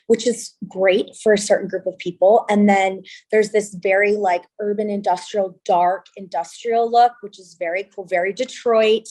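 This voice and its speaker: A woman in her thirties from California, a venue owner telling stories in an interview, chatty and animated with lots of quoted dialogue. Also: medium pitch, moderate pace, hardly any pauses. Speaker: venue owner and wedding designer. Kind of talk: interview conversation.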